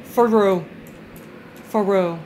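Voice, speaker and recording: A woman's voice: medium pitch, drawn-out words, noisy background. A young woman live-streaming a game, chatting with her chat, a little tipsy, swearing and shrieking when startled. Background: game music.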